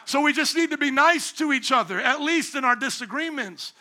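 A man in his forties preaching a sermon as pastor, animated and bursting into loud emphasis. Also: very high-pitched, brisk. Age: 40s.

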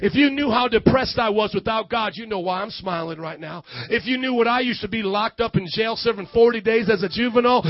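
A man preaching a lively sermon, shouting and calling on the crowd to repeat after him. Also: high-pitched, brisk, hardly any pauses, no echo, muffled recording. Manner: shouting, preaching with call-and-response. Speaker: youth pastor.

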